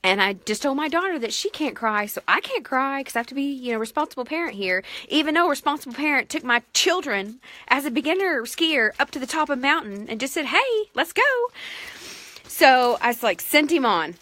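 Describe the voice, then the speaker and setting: A woman and mother telling a family story to the camera in a casual, animated, self-mocking way. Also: high-pitched, a little fast, few pauses, no echo.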